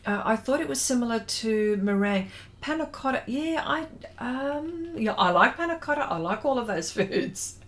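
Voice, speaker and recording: A woman's voice: a little high, animated. An Australian woman hosting a drawing livestream, chatting casually, reading viewer comments aloud and laughing often. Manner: slow, unhurried and thinking aloud while drawing.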